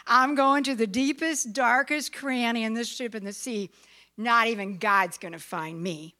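A woman's voice: on the high side, a little slow, sharp tone. A woman voicing Jonah, a reluctant, panicky biblical man, whining and sing-song in a children's story. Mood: scheming. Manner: whiny, comic, sing-song.

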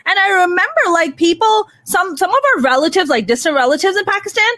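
Blunt, high-voiced woman host. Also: fast, a bit bright, no room sound. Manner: blunt, swears freely, emphatic. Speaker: podcast host. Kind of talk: casual chat.

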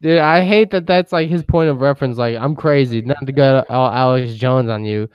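Young male co-host with a smooth voice and a dry close-mic sound, relaxed and reactive. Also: mid-range voice, moderate pace, dry recording, lo-fi sound. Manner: laid-back, reacting with short remarks. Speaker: podcast co-host. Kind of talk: casual chat.

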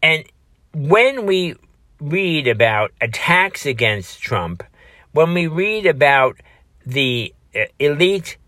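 A man's voice: fairly high pitch, sing-song, slow pace, bright, forceful tone, dry recording. A man delivering an impassioned political commentary monologue, building long repetitive lists and stumbling into fillers and restarts.

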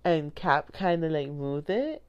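A woman's voice: low-pitched, animated, unhurried, clear, resonant tone, lo-fi sound. A young woman giving a casual, rambling movie recap, full of "like" and restarts and often laughing. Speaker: movie reviewer.

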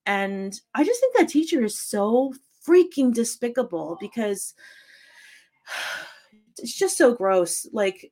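A woman in casual conversation about a film, animated and laughing, acting out lines as she retells scenes. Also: mid-range voice.

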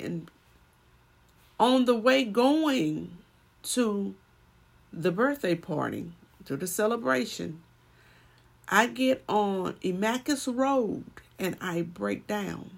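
A woman's voice: mid-range voice, creaky, husky. Woman preaching, rising to emphatic swells. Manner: storytelling sermon with swells of emphasis. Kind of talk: sermon.

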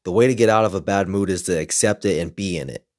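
Frank, low-voiced man sharing reflections. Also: fast, a little mellow, no room sound, clean studio sound. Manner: frank, swears often, reflective. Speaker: self-help creator. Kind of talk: casual personal monologue.

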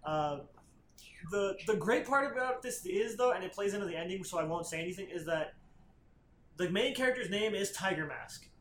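A man with a high-pitched voice talks through a comic storyline in loose, profane chat and slips into quoted lines as he goes. The room around him sounds echoey, and a faint ambient hum sits underneath. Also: expressive, moderate pace, fairly bright tone. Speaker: podcast host. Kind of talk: casual chat recapping comics.

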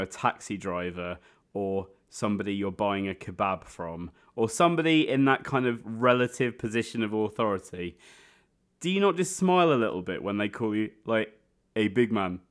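A man's voice: lowish voice, smooth. A man co-hosting a podcast in casual chat, joking and laughing often. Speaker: podcast co-host.

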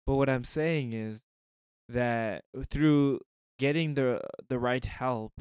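Slow, earnest man reflecting on faith. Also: medium pitch, darkish tone, smooth, dry recording. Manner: thoughtful, halting, earnest. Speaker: podcast co-host. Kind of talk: casual faith discussion.

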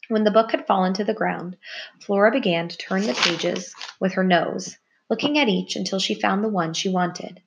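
A woman reading a children's story aloud in a steady, even narration. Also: mid-range voice, normal speed, creaky. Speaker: audiobook narrator.

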